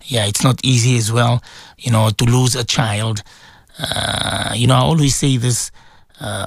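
A man hosting a casual radio talk show as a Muslim cleric, rambling and repeating words with sudden jumps in pitch. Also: steady tone, measured pace, creaky, dry recording, studio quality.

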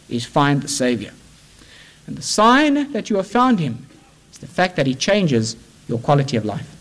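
Impassioned preacher man, high-pitched. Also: poor audio. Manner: impassioned, rising and falling emphasis. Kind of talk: evangelistic sermon.

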